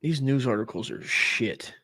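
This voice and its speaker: This comedy stream host is a U.S. man in his forties speaking at medium pitch and a measured pace. His talk is a meandering, foul-mouthed, worked-up monologue that keeps starting over.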